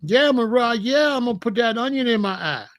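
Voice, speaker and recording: A man's voice: very high-pitched, animated, a little fast. A man hosting his own commentary channel, joking and bragging in a casual, streetwise rant.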